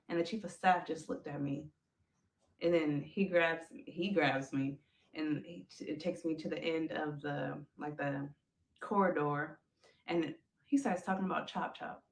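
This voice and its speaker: A woman telling a personal story on a podcast, animated, calling her listeners folks and acting out the things people said. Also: low voice, a little slow. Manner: animated, addresses listeners as folks, acts out quoted lines. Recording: roomy echo.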